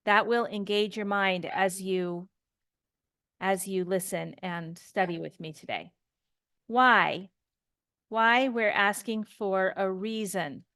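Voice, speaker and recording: A woman teaching an English grammar lesson, explaining slowly and patiently and often checking in with "okay?". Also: medium pitch, steady tone, fairly bright tone, smooth, no echo, clean studio sound.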